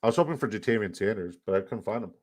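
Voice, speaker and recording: Low-voiced man in casual fantasy chat. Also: expressive, a little mellow, dry recording. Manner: fast, joking, profane banter. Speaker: fantasy football stream host. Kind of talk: casual live-stream draft chat.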